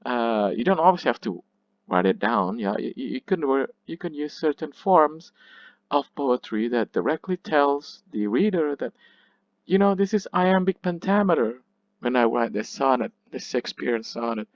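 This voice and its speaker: A man's voice: medium pitch, animated, moderate pace, no echo. Male teacher lecturing on a dull recording. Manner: patient, explanatory, checks in often with "yeah?"; hesitant, with restarts and self-corrections. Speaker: literature teacher.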